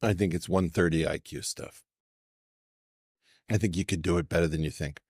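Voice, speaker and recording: A man's voice: low voice, moderate pace, a little mellow, husky, no room sound, studio quality. A man speaking as a podcast guest in an assertive, professorial way, challenging his host with pointed questions. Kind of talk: conversational podcast discussion.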